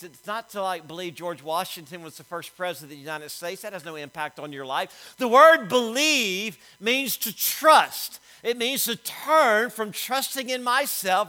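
A middle-aged man preaching a sermon, swinging between loud emphatic lines and quiet storytelling. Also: high-pitched, animated, moderate pace, low-quality recording. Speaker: pastor.

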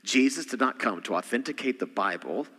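A man, a senior pastor, preaching a sermon and swinging between loud emphatic lines and quiet, almost whispered asides. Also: mid-range voice, expressive, brisk, slightly rough. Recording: church hall reverb.

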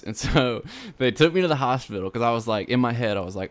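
A man's voice: medium pitch, lively intonation, quick pace. A young man hosting a podcast, telling a long story in a rambling, casual way, laughing and acting out what people said. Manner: rambling, laughing, acts out quotes. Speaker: podcast host.

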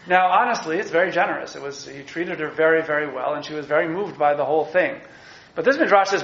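A man teaching a text study class, animated and enthusiastic, acting out the lines he quotes. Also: a little high, fast, gravelly, roomy sound, highs cut off, slight background noise. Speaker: Torah teacher.

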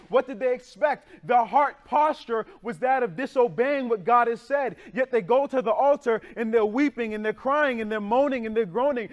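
Young guy pastor preaching, pretty high voice, chatty with slang, gets loud then drops real quiet. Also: moderate pace, hardly any pauses. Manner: conversational preaching with slang, swings from loud to hushed. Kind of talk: sermon.

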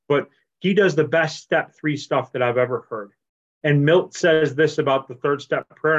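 A man shares his story at a recovery meeting, animated and casual, playing out each conversation as he goes. His voice sits a bit high for a man. The sound is muffled and lo-fi, as on a video call. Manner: animated storyteller acting out quoted dialogue. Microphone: computer mic on a video call.

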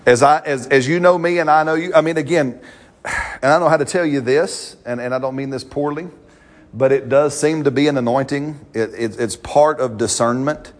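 A man's voice: medium pitch, moderate pace. A man, preaching a sermon as pastor, talking to the congregation in a conversational way and often checking in with "right?".

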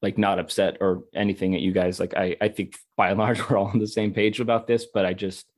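A man co-hosts a casual podcast discussion in a fairly low voice. He argues with strong feeling and open frustration, doubling up words as he presses his point. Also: level tone, fairly quick. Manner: impassioned, repeats words when worked up. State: emotional and frustrated. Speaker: podcast co-host.

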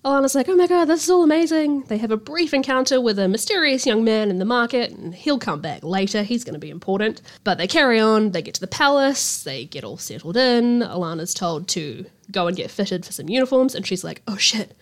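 A young woman hosting a casual book podcast, retelling the story in her own loose, chatty words. She swears freely and drops into quick voices for the characters as she goes. Her voice sits at an ordinary middle pitch. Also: expressive. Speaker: podcast host.

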